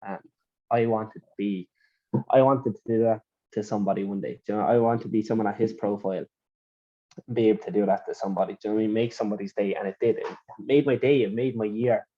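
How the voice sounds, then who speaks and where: A man's voice: lowish voice, fairly even intonation, fast, dull audio. A young Irish man, a boxer, telling stories from his career in a rambling, casual interview manner. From Ireland. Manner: rambling, repeats phrases, says "do you know what I mean".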